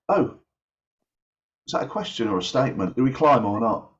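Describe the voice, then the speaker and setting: A man's voice: mid-range voice, animated, normal speed, pauses often, fairly bright tone, dull audio. A man on an online panel who talks about aviation radio research in loose, rambling sentences.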